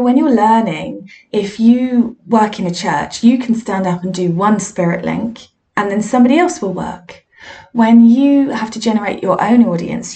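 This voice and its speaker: Woman, mid-pitched, medium and teacher sharing frank, self-deprecating stories in a candid monologue. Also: darkish tone. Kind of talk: candid personal storytelling monologue.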